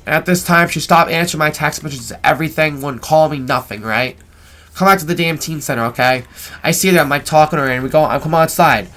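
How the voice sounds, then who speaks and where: A gaming video host casually tells a drawn-out story while playing, rambling, cursing and keeping up a habit of adding "right?" to his lines. His voice is fairly high, bright and forceful.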